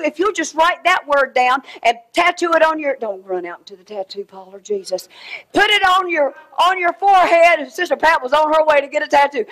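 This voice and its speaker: Woman preacher, high voice, fervent sermon with shouts and soft asides. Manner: fervent, swinging between shouted exhortation and quiet asides.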